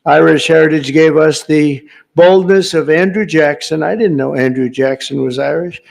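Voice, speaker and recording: A man's voice: on the high side, moderate pace, vocal fry. A man giving an off-the-cuff speech at an indoor reception, rambling and teasing guests in the room with asides.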